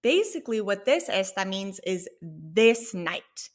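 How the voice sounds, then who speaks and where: A woman teaching a Spanish lesson, explaining a sample dialogue clearly and patiently. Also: mid-range voice, sing-song. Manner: clear, patient, slow when modeling Spanish phrases.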